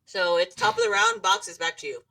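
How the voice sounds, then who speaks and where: A woman running a tabletop game as game master, laid-back and giggly, with fillers and halting pauses. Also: medium pitch, huge pitch swings, vocal fry, pushed and bright, no room sound, recorded from a distance, poor audio.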